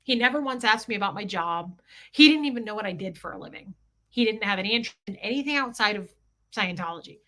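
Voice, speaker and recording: Bright-voiced woman, candid and emotional. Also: mid-range voice, animated, quick pace. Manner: emotional, confessional, swears freely. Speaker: livestream host. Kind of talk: candid livestream chat.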